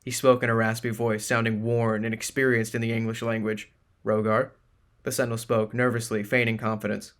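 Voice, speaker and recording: A man narrating a fantasy audiobook in a measured, even reading. His voice sits at an ordinary, middle pitch.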